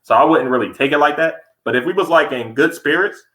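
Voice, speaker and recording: A man co-hosting a podcast in casual chat, blunt and animated, acting out heated quotes. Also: fairly high pitch, a little fast, reverberant, low-quality recording. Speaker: podcast co-host.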